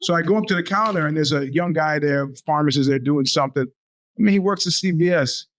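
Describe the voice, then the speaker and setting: Animated storytelling man in his fifties. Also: a little high, brisk. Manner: animated, acts out quoted voices. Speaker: podcast host. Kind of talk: storytelling monologue.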